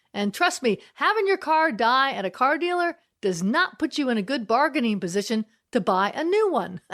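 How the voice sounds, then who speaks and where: A woman's voice: on the high side, a bit bright. A middle-aged woman comedian telling a personal story in a chatty way, laughing between lines.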